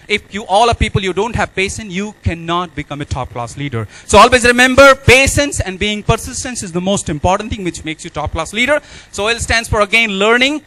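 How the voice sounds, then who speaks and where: A man's voice: high voice, bright, forceful tone, low-quality recording. A man giving a motivational speech, emphatic and repeating key phrases. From India. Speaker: speaker at an awards event.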